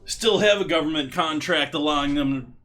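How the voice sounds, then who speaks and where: A man's voice: fairly high pitch, moderate pace, fairly bright tone, soft background music. A man hosting a live cooking stream, chatting loosely with viewers while he works. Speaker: cooking livestream host. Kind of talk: casual live cooking chat.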